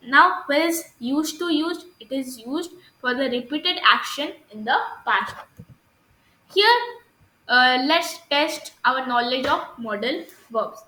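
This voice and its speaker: A woman's voice: high voice, sharp tone, reverberant, rough recording. A woman with an Indian English accent teaching an English grammar lesson, hesitant, with many fillers and restarts, checking if students understood.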